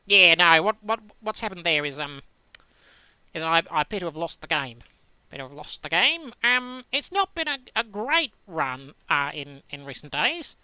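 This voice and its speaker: Bright, crisp man musing over cards. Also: on the high side, animated, normal speed, no echo. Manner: rambling, self-interrupting, musing aloud to himself; dry playful wordplay. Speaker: host playing solitaire on screen. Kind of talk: casual gaming commentary.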